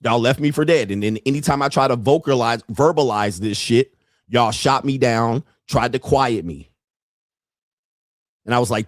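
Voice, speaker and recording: A man's voice: mid-range voice, moderate pace, no echo, clean studio sound. A man hosting a podcast, ranting in a heated, profane, preachy way and repeating lines for emphasis. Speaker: podcast host. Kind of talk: ranting monologue.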